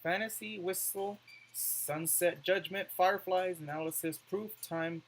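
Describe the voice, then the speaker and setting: A man's voice: sits high, fairly even intonation, unhurried, a little hiss or hum, poor audio. A man doing let's play commentary, reading on-screen words aloud and musing over his choices.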